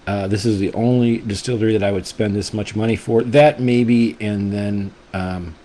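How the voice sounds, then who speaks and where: A man talks through a whisky tasting in a relaxed, rambling way, gushing with enthusiasm and often restarting his thoughts. His voice sits fairly low and has a warm, mellow tone. A faint hiss of noise runs under the recording. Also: normal speed, rough recording. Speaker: whisky reviewer and channel host. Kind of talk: casual tasting review.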